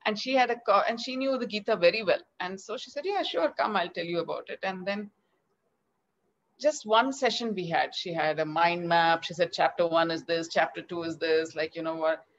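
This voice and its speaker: A woman's voice: on the low side, normal speed, slight background noise. A middle-aged woman with an Indian English accent, a children's author telling a story in an interview and acting out the dialogue, heard over a video call. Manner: animated, acts out quoted dialogue. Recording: slightly dull lo-fi audio.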